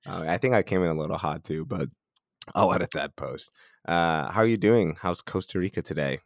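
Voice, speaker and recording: A man's voice: deep voice, a little fast, creaky, dry recording, studio quality. A man co-hosting a health podcast, chatting casually and laughing often. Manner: laughs often, loose and joking. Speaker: podcast co-host, strength coach.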